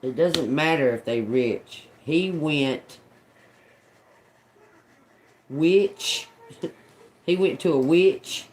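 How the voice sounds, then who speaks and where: Very slow puzzled woman muttering. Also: deep voice, a little mellow. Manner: puzzled muttering, swearing, repeating single words. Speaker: tarot and oracle live streamer. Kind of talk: live psychic channeling stream.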